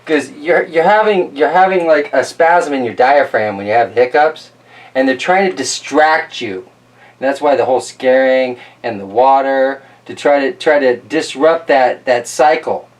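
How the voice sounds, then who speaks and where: A man's voice: medium pitch, moderate pace, recorded from a distance. A man hosting a casual picture-book read-aloud, chatty and laughing often, with jokey asides to the audience. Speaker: storyteller host.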